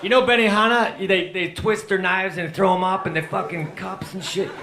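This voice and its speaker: A male stand-up comedian delivering deadpan one-liners in a high, drawling voice. He is recorded live on a club stage through a handheld mic. The room rings, and a laughing crowd and steady noise sit behind him. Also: normal speed, creaky, roomy sound.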